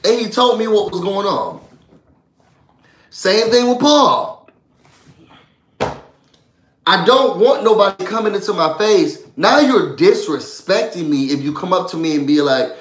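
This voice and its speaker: A man's voice: sits high, lively intonation, measured pace, pauses often, echoey room, a little hiss or hum. A man hosting a live reality-show recap, ranting heatedly with lots of profanity. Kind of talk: live stream rant.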